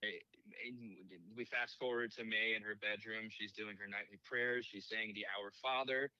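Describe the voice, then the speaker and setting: A man with a strikingly bright, forward voice recaps a movie on a podcast, adding small details and swearing offhandedly. The recording is dull and lo-fi, with the top end muffled. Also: on the low side, flat delivery, normal speed, smooth, no echo. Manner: detail-minded storyteller, casual swearing. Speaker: podcast co-host. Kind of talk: casual movie recap chat.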